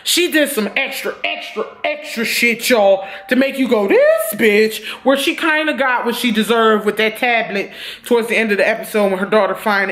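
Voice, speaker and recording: A young woman casually reviewing a TV series, talking in animated, profane bursts that swing between loud outbursts and quick asides. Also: on the high side. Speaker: TV review vlogger.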